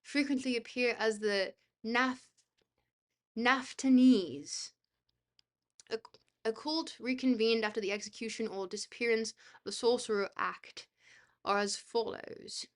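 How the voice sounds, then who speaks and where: A woman with a fairly high voice reads a dense book aloud on a live stream. She keeps breaking off to chat, hesitating with fillers and laughing at herself. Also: a little slow. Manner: laughs easily, self-deprecating.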